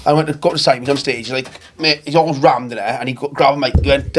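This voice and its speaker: A man hosting a casual pub podcast, telling sweary stories at speed and shouting out impressions of the people in them. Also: fairly high pitch, quick pace, few pauses, a little hiss or hum. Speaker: comedy promoter and podcast host.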